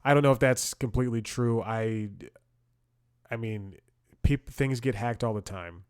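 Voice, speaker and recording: A man's voice: medium pitch, a little slow, darkish tone, clean tone, no echo, studio quality. A young man hosting a comedy podcast, telling a rambling story and often chuckling and restarting his sentences. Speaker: podcast host. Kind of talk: casual comedic monologue.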